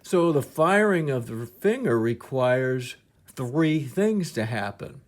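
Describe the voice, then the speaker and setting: A man's voice: mid-range voice, animated, takes it slowly. A man teaching piano technique, explaining patiently and thinking aloud, with some restarts as he demonstrates.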